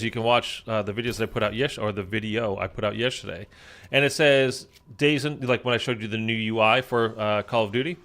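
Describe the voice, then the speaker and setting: Guy rambling over his zombies gameplay, bright voice, lots of ums and likes. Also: medium pitch. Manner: chatty, rambling, lots of fillers. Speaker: gaming YouTuber. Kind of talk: casual gameplay commentary.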